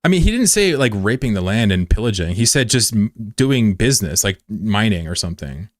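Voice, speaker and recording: A man streaming live, chatting bluntly and profanely with viewers, swinging between loud outbursts and low mutters. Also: sing-song, brisk, no room sound, studio quality. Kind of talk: casual live-stream chat.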